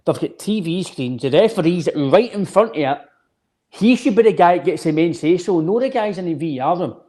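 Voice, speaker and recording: A man's voice: high voice, animated, fairly quick, mellow. A Scottish man co-hosting a football podcast, talking emphatically in a casual chat and often calling his co-host "mate". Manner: emphatic, restarts phrases often, says "mate" a lot.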